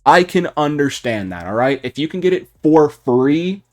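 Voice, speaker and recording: A young man giving unscripted commentary on a video game, heated and profane, with his voice rising toward shouting. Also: a little high, sing-song, moderate pace. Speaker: gaming YouTuber.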